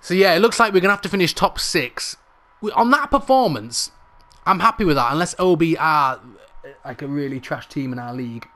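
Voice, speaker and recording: A young man commentating live on his own football video game match, excitable and jokey, swearing mildly and shouting at near misses. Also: fairly high pitch, a little fast. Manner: excitable, shouts at big moments; calls players "brothers", mild swearing. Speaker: gaming YouTuber.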